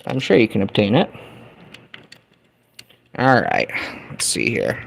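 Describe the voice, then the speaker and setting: A middle-aged man from the United States hosts a livestream, chatting casually with viewers as he builds a small kit. His voice sits on the low side with vocal fry and huge pitch swings, and he takes his time. He's folksy and chatty, speaking straight to his audience.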